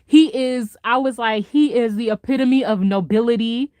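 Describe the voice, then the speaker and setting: A woman vlogger gushes excitedly in a casual reaction chat, laughing often and swinging from loud highs to soft mutters. She speaks at normal speed with no echo.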